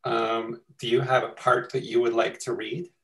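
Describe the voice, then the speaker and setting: A middle-aged man from Canada leading a conversation over a video call, gentle and measured as he asks questions. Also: mid-range voice, little pitch movement, rough recording. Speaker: co-author and moderator. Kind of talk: casual conversation.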